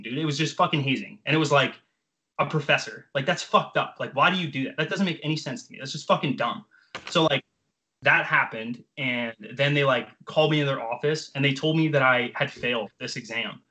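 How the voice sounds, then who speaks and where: Fast-talking bright-voiced young man. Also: mid-range voice, low-quality recording. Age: 20s. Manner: animated, profane, filler-heavy. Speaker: jump training coach. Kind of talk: casual storytelling.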